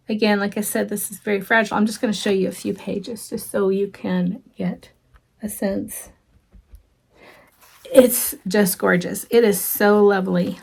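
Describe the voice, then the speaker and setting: Slow, gravelly-voiced woman showing crafts. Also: mid-range voice. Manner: chatty, gushing, with frequent ums and soft asides. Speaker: cross-stitch vlogger. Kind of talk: casual show-and-tell chat.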